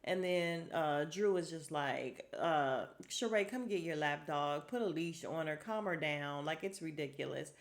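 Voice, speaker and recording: A woman's voice: sits low, measured pace, hardly any pauses. Chatty woman recapping TV. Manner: chatty and exasperated, acts out cast members' lines. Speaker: podcast host recapping a reality show. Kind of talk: casual solo recap.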